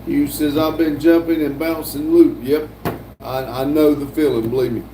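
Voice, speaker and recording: A man's voice: on the high side, fairly even intonation, moderate pace, warm tone. Older man reading chat aloud. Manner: reads chat aloud with frequent fillers and restarts. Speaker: livestream host reading viewer chat. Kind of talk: casual live-stream chat. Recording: echoey room, voice from a distance, faint hum.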